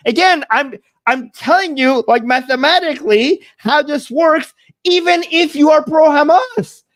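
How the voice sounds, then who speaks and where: A political commentator reacting to a debate clip, arguing emphatically with rhetorical questions and a mocking edge. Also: sits high.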